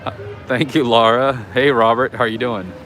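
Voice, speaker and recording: A livestream host with a medium-pitched, level, fairly bright voice leads a casual walking tour on an old-town street at night, chatting with viewers and responding to their comments at a moderate pace. Jazz plays nearby, and there's a slight hiss or hum.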